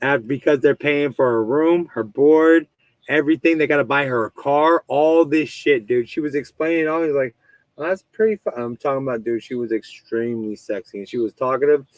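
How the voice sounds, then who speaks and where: A man's voice: mid-range voice, brisk, no room sound, rough recording. A man in his thirties hosting a casual podcast, telling stories in a rambling way with lots of swearing and restarts. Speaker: podcast host. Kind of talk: casual chat.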